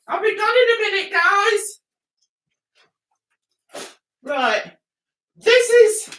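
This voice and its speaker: Slow, bright-voiced English woman. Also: fairly high pitch, rough recording. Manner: chatty and rambling, talking to viewers as "guys". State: losing her voice. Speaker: livestream host. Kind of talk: casual livestream chat.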